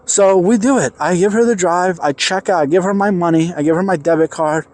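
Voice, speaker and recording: A man telling a personal story in an animated, emphatic way, acting out the dialogue. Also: high-pitched, brisk. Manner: excited, emphatic, acts out quoted dialogue.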